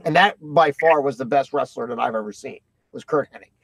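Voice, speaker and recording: A man in his forties hosting a casual wrestling chat, talking in excitable bursts and laughing often. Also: mid-range voice, brisk, gravelly, husky, no room sound, muffled recording. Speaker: podcast host.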